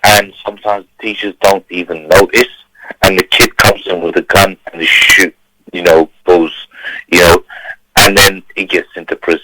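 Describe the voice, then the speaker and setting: Calling in to a community radio talk show, a man from Turkey delivers an emphatic, preachy rant, repeating himself. His low voice has a sharp tone and little pitch movement at normal speed, and the audio quality is poor.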